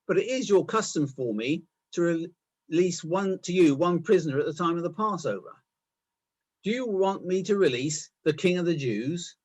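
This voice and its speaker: A man's voice: sits high, expressive, moderate pace, a little mellow, slightly rough, pitched above the performer's own voice. A man reading the part of an exasperated Roman governor, raising his voice in pleading questions.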